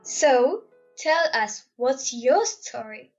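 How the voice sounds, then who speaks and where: A woman's voice: high voice, animated, drawn-out words, faint music behind. A young woman reading her part of a personal story aloud in a heartfelt, hopeful way. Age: young adult. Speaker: story reader. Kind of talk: scripted narration. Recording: slightly dull, lo-fi sound.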